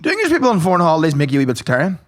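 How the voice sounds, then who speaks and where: A man co-hosting a podcast, chatting casually with quick quips. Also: a little high, wildly swooping pitch. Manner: quick quips and encouraging interjections. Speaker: podcast co-host. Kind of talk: casual comedic chat.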